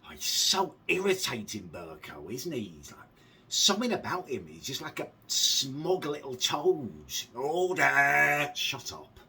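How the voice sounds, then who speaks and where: A man's voice: on the high side, very animated, moderate pace, distant mic, crowd noise. A man hosting a reaction video, ranting sarcastically and sounding exasperated. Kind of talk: casual reaction commentary.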